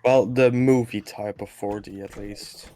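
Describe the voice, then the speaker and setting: A man's voice: on the low side, fairly even intonation, measured pace, mellow. A young man on a voice call with friends, arguing and nitpicking in casual banter. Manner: argumentative, nitpicking. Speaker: co-player on voice call. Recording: faint music behind.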